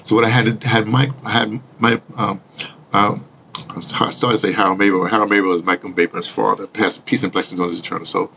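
A man's voice: fairly low pitch, vocal fry, a bit bright, slight background noise. A man talking casually to viewers in a rambling monologue, restarting sentences often and teasing them with questions. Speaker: vlogger and audio drama producer.

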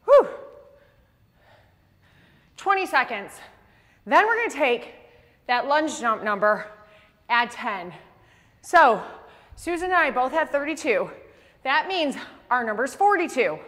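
A woman fitness instructor leading a workout class, out of breath and slightly hoarse, counting reps aloud between heavy exhales. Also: high-pitched, big pitch swings, slow pace, long pauses, a bit bright. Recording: long reverb in a big room.

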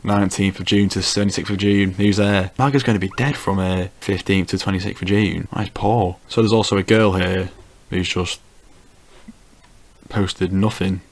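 A man's voice: low-pitched, little pitch movement, normal speed. A man giving casual comedic commentary as a YouTuber, with wry, teasing remarks.

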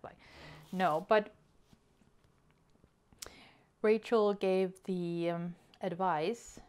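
Slow-talking excitable woman vlogger. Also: on the low side. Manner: chatty and excitable, counting items aloud. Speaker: hobby vlogger. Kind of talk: casual unboxing chat.

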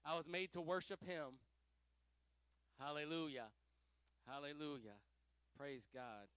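Fairly high in pitch yet unhurried and smooth, a man pastor teaches a Pentecostal Bible study with no room sound around him. His delivery is passionate and animated, full of laughter, moving between loud urging and gentle asides.

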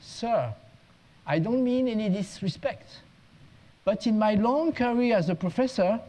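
A bold, cocky chauffeur speaks up in a high, casual voice, as a man acts him out in a talk. He sounds confident and a little cheeky. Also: animated, measured pace, mellow.

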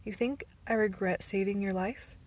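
A woman's voice: mid-range voice, steady tone, normal speed, darkish tone, natural voice. An amateur woman reader voicing a brooding teenage boy in an audiobook, in terse, serious lines without changing her own voice much. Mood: curt.

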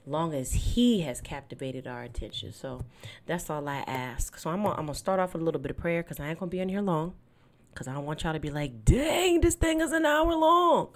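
A woman with a low, deep-set voice hosts a Christian podcast from her desk at home late at night. Her talk is relaxed and chatty, and when she prays it turns soft and reverent. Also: fast talker. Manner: relaxed and chatty, turning hushed and devout in prayer. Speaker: podcast host. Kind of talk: casual faith podcast chat with spoken prayer.

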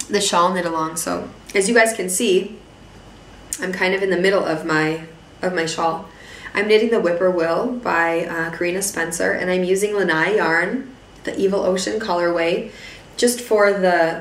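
Host, woman, hoarse and low-voiced, rambling chat, set back from the mic in an echoey room with faint noise. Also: fairly bright tone, distant mic. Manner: chatty, rambling, many fillers and restarts. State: hoarse from losing her voice. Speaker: podcast host. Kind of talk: casual chat.

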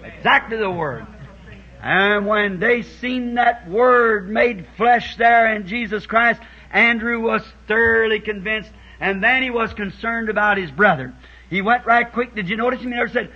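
Recorded on a dull 1960s tape, this sermon comes from a man whose voice sits high and moves at a measured pace. He preaches to his church like a folksy storyteller, performing quoted voices and working up to shouts.

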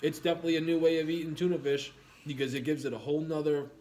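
A man's voice: a little high, level tone, very fast, dark tone, a little hiss or hum. A man from New York with a New York accent, hosting a casual food livestream, eating and reading out viewer comments in an easygoing way.

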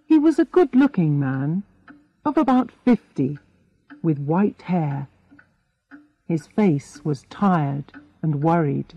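Slow, expressive woman narrating an audiobook. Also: sits low, no echo. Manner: clear, deliberate reading. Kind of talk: scripted audiobook narration for English learners. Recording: dull, dry audiobook recording.

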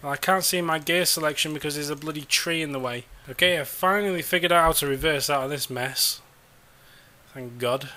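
Exasperated man with a bright voice. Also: on the high side, brisk, few pauses. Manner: sarcastic, swearing, exasperated. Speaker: gamer. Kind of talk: exasperated gameplay commentary.

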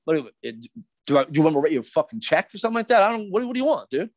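A man's voice: a little high, sing-song, very fast, no echo. A middle-aged man from Philadelphia, a podcast guest ranting in a profane, agitated, rambling way with many restarts. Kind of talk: heated podcast rant.

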